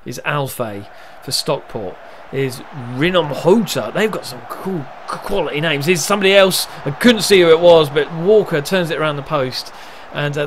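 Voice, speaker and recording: A man's voice: medium pitch, background noise. A young man casually commentating on his own football management game, narrating play and cheering on his team. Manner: chatty, narrates match events, erupts with excitement at goals.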